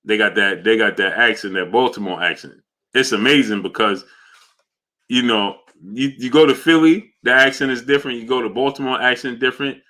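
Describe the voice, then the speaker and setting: A man hosting a casual boxing livestream from New York, reading super chats and shouting out viewers by name in loud bursts. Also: medium pitch, fairly quick.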